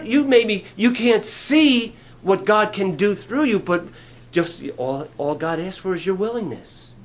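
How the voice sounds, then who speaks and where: A man preaching a sermon in an animated way, acting out quotes along the way. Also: sits high.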